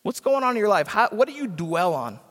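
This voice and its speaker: In a church sanctuary with hall reverb, a pastor preaches in a high, sing-song, slightly bright voice at a fairly quick pace. He hammers points home through repetition and acts out the people he quotes.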